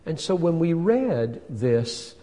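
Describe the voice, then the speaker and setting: A man in his sixties preaching a sermon. His delivery swings between loud emphatic bursts and soft asides. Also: a little high, very animated, slow pace. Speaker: pastor. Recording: long hall reverb.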